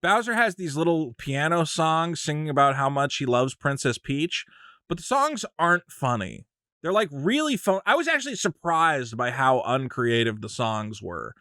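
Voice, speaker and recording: A man's voice: fairly high pitch, moderate pace, no echo, studio quality. A man giving an opinionated, casual movie review with frequent restarts. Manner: animated, opinionated, restarts a lot.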